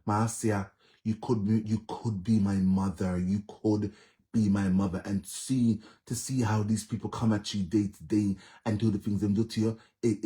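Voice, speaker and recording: A man's voice: lowish voice, mellow. A man with a Jamaican accent, talking straight to viewers on a live stream, earnest and pleading and repeating himself often. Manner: earnest, pleading, heavy repetition. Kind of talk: casual live-stream monologue.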